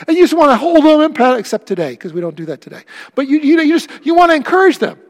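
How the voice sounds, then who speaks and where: A middle-aged man preaching a sermon as pastor, swinging between loud emphatic lines and hushed, quiet ones. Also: extremely high pitch, very animated, fast, hardly any pauses, long reverb tail.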